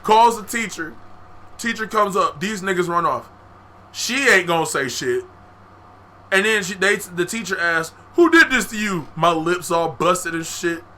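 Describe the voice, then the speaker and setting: A young man with a high, very bright voice tells a story on a casual podcast. He talks in an animated way, full of profane slang, and laughs often. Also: measured pace, slight background noise. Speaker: podcast co-host.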